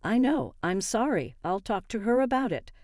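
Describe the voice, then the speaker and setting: Sheepish young brother, hesitant and apologetic, a bit higher, voiced by a woman. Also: sing-song, normal speed, a little mellow, no room sound, studio quality.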